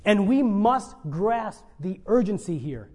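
A man preaching a sermon as pastor, earnest and pleading, with swings between loud emphasis and quiet asides. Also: high voice, animated, takes it slowly.

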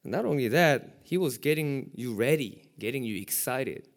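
A middle-aged man, a pastor, preaching a sermon with lively rhetorical questions. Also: medium pitch, normal speed.

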